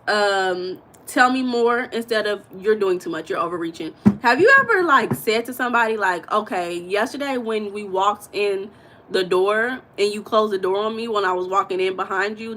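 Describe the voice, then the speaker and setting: An American woman hosting a casual livestream, chatting and reading viewer comments in a blunt, animated way, with occasional swearing and emphatic bursts. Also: medium pitch, moderate pace, poor audio. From United States. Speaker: livestream host.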